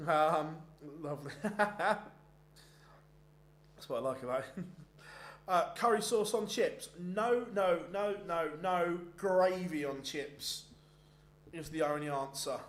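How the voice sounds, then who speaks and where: A man's voice: fairly high pitch, lively intonation, slow pace, pauses often, a little hiss or hum. A man hosting a darts stream, chatting casually and rambling with frequent restarts between bits of live commentary. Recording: roomy echoey sound.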